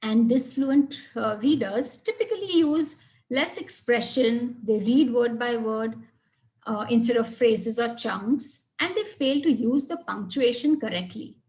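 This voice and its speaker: A woman presenting a webinar on reading fluency, explaining in a clear, measured way and stressing words in her example sentences. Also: on the high side, a little mellow. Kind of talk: webinar lecture.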